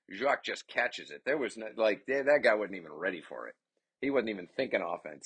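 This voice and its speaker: A man giving chatty, excitable play-by-play commentary on his son's game, with rambling asides. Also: lowish voice, breathy edge. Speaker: parent commentator.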